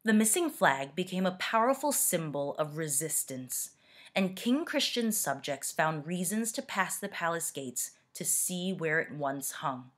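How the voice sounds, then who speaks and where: Slow, low-voiced woman reading aloud. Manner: slow, expressive, deliberate. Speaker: teacher reading to students. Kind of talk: reading a picture book aloud.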